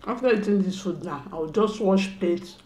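A woman's voice: medium pitch, normal speed, warm tone, reverberant, slight background noise. A young woman, speaking to her son at home in a scolding, repetitive way as part of a prank. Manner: scolding and repetitive, mock-stern. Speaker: mother and vlogger. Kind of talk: casual family prank talk.

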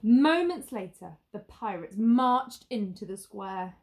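A woman teacher reading a picture book aloud to children, expressive and stopping to ask the listener questions. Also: mid-range voice, takes it slowly, hardly any pauses.

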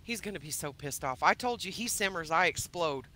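A woman's voice: lowish voice, expressive, fairly quick, pushed and bright. A woman playing her own character in a roleplay game, heated, emphatic and swearing. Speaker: roleplay player.

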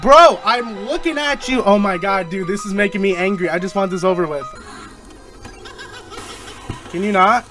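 A young man hosting a gaming channel, giving excitable, easily frustrated commentary while he plays. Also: high-pitched, normal speed, long pauses, over music. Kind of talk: let's-play commentary.

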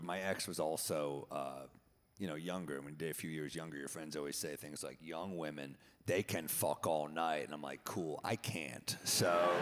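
A man in his thirties doing a stand-up set, telling a story in a dry, deadpan way and acting out both sides of the dialogue. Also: low voice, noisy background. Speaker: stand-up comedian. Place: large theater stage. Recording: live theater with long reverb. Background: audience laughter.

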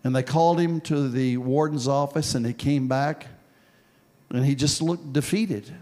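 A man preaching a sermon and telling a story from his own past, dropping soft and low, then building to loud, forceful preaching. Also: a little slow. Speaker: pastor. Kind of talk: sermon with personal testimony.

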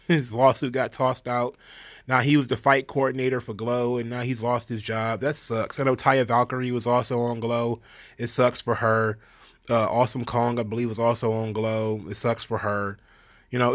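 A man's voice: medium pitch, no echo. A man in the middle of his range talks bluntly into a close, dry mic, his commentary casual and sarcastic. He waves things off with scorn and stumbles into restarts now and then. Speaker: online commentary host.

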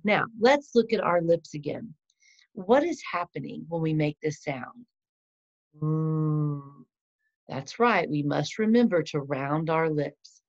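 Female teacher, low-pitched, encouraging, children's reading lesson. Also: animated, gravelly. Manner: patient, encouraging, models sounds slowly. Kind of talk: slow instructional lesson for children. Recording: dull lo-fi sound.

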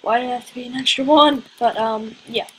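A woman's voice: a little high, fairly even intonation, a little fast, slight background noise, rough recording. A woman giving casual let's-play commentary, rambling and questioning herself aloud as she plays. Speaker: gaming video creator.

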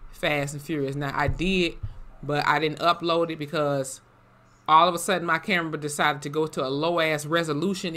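A YouTube host chatting casually in a reaction vlog, slangy, profane and animated. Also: medium pitch.

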